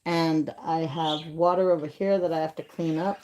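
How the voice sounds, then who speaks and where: A woman's voice: sits low, fairly even intonation, normal speed, a little mellow. A middle-aged woman hosting a casual livestream from home on her phone, chatty and laughing at her own stories. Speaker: livestream host. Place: home, by a bedroom window. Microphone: phone held in hand.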